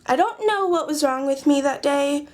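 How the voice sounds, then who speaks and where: This young woman's voice is high and a little mellow, moving at a normal speed. She's a craft journaling vlogger chatting casually through her journal pages, making dry, sarcastic jokes at her own expense.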